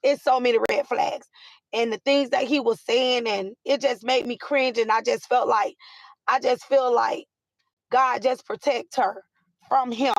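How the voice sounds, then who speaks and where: A woman hosting a casual live chat with viewers, animated and repetitive, with many fillers. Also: fairly high pitch, measured pace, vocal fry, no echo. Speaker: live stream host.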